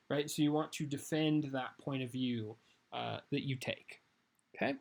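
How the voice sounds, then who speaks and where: A man's voice: medium pitch, normal speed, creaky. Man teaching a history lesson. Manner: talks to students, adds "right?" often and reads documents aloud. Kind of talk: classroom lesson, going over a worksheet.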